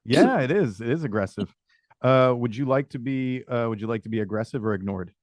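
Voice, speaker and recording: A man's voice: mid-range voice, lively intonation, fairly quick, dry recording. A man hosting a live webinar on video call, coaching sales agents and improvising sample messages while calling on attendees by name.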